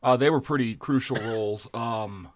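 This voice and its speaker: A man's voice: mid-range voice, normal speed. Young man, tired, wry humor, casual podcast co-host. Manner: wry, joking, laughs often. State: tired, early morning.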